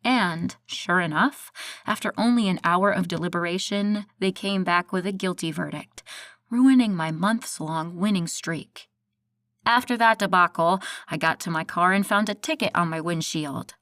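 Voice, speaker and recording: A woman narrating a first-person audiobook in a steady, measured storytelling voice. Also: lowish voice, no echo, studio quality.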